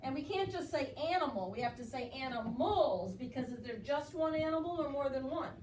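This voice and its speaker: A woman's voice: high-pitched, animated, fairly quick. A woman teaching a fourth-grade class, guiding students through writing with frequent encouragement. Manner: encouraging, praising students often. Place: school classroom. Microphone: recorded from across the room. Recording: echoey classroom from far off with noise.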